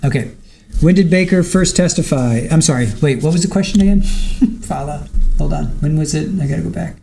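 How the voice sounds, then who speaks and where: A man's voice: on the high side, brisk, creaky, warm tone, soft background music. A man hosting a live stream, recapping court testimony in a chatty way, reading viewer comments aloud and talking to his dog at home. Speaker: livestream trial commentator.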